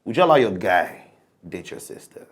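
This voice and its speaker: A man's voice: lowish voice, big pitch swings, normal speed. A man hosting a studio talk show, pressing his guest with repeated questions.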